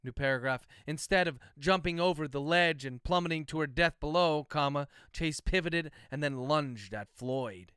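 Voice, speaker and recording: A man's voice: a little high, normal speed, few pauses, sharp tone, smooth, dry recording, studio quality. A man, an author, dictates his novel aloud on a livestream, speaking each comma and period, then chats loosely with viewers. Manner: speaks punctuation marks aloud while dictating; loose, chatty asides to viewers between passages.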